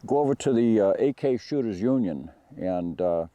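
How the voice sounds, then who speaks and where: Man, low pitch, very dark mellow tone, dry close sound, casual rifle review, lots of ums and restarts. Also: expressive, moderate pace, dry recording, highs cut off. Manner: rambling, many fillers and restarts. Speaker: gun channel host. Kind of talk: casual spoken product review.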